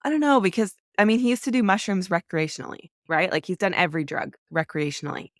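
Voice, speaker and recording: A woman's voice: on the low side, quick pace, no echo, studio quality. A woman speaking as a podcast guest, talking earnestly and emotionally about parenting, with lots of "like" fillers. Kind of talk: candid conversational interview.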